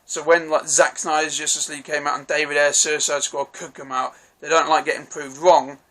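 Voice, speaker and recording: A man's voice: a little high, level tone, brisk, a bit bright. A man giving a casual, rambling film review, swearing freely and restarting his sentences.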